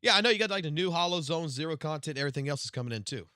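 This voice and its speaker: A man streaming live, reacting to game news in a profane, excitable rant that swings from low mutters to loud outbursts. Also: racing, clean tone, no room sound, studio quality.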